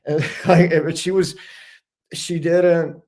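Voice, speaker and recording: A man's voice: a little high, level tone, slow pace, a little mellow. A man telling a casual anecdote on a live chat show, chuckling and restarting his sentences as he goes. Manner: chatty storyteller, frequent restarts and chuckles. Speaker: guest sharing an anecdote.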